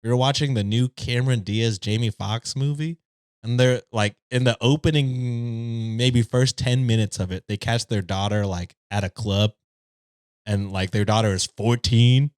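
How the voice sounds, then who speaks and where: A man's voice: mid-range voice, fairly even intonation, moderate pace, darkish tone, clear, resonant tone, dry recording, studio quality. Profane, joking male podcast host. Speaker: podcast host reading stories. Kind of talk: casual chat and story reading.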